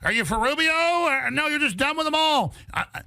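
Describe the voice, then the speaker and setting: A man rants like a talk show host in a high, gravelly voice with a sharp, tense edge. He is emphatic and insistent. The sound is dry and close. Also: animated, a little fast. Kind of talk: fiery political talk show rant.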